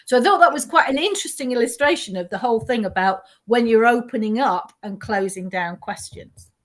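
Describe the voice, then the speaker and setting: A woman trainer explaining ideas in a conversational way, animated and quick to laugh, often restarting her sentences. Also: a little high. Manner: animated, self-interrupting storyteller who laughs often. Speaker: teaching trainer.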